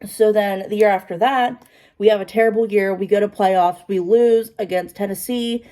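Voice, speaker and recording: A woman in her twenties, a beauty vlogger, chatting excitedly while doing her makeup and saying "like" constantly. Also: medium pitch, normal speed. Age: 20s. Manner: chatty and excitable, heavy use of "like".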